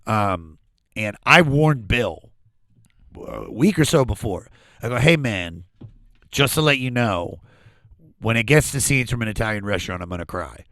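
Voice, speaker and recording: A man's voice: on the low side, moderate pace, long pauses, dry recording. A man, a comedian guest on a podcast, telling stories in casual chat and acting out voices as he goes. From Washington D.C. area. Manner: animated storyteller, acts out voices, frequent laughs.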